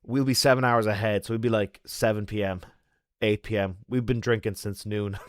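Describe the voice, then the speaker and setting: A man's voice: on the low side, fairly even intonation, normal speed, no room sound. Irish man, streamer, rambling casual chat, dry close sound. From Ireland. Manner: chatty, rambling.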